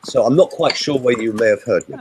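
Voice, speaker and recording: An older man, a voice coach, chatting in a casual webinar and telling animated stories. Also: medium pitch, quick pace, noisy background.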